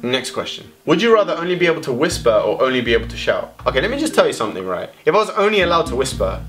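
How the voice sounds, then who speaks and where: A man's voice: medium pitch, sing-song, very fast, fairly bright tone, soft background music. A young man, ranting animatedly to camera in a casual vlog, full of swearing and exaggeration. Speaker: vlogger.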